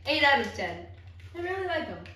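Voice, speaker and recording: A woman's voice: high voice, sing-song, fairly quick, bright, forceful tone. A woman co-hosting a casual snack taste-test, upbeat and chatty, exclaiming at the flavors. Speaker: co-host of a snack tasting video. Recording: very echoey room, mic far off, faint noise.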